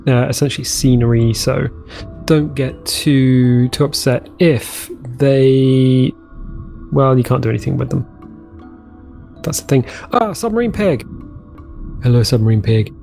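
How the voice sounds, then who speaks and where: A man's voice: medium pitch, dark tone. Chatty man narrating a survival game. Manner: chatty, easily delighted, trails off mid-sentence. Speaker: let's play host. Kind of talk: casual gameplay commentary.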